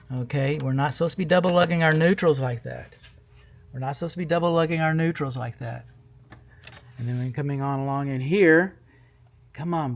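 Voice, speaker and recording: A middle-aged man, a home inspector, talking his way through an electrical panel inspection, repeating points and coaxing himself along. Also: on the high side. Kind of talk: on-site inspection walkthrough.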